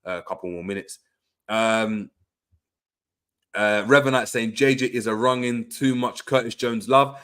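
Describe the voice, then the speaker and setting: Streamer host, male, lowish voice, reads chat and riffs, repeats himself. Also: fairly quick, fairly bright tone. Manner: reads viewer comments aloud and reacts, repeating phrases with slang. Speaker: livestream host. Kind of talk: casual livestream chat.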